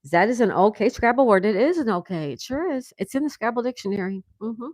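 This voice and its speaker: A woman's voice: fairly high pitch, animated, fairly quick, darkish tone, no echo, clean studio sound. A woman hosting a casual livestream, reading viewer comments aloud and laughing often. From United States. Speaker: livestream host. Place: home in Florida.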